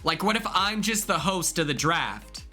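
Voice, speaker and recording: Young male streamer, chatty, excitable, bright tone. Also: high-pitched, moderate pace, soft background music. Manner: chatty and excitable, laughing often. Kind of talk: casual chat stream.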